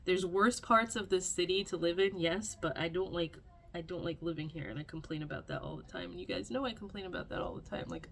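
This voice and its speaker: A young woman talks to her camera at home in a casual diary-style vlog, rambling and complaining, with plenty of filler words and sighs. Her voice sits low. Faint noise hums behind her. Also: very animated, fairly quick, a bit bright. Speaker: vlogger.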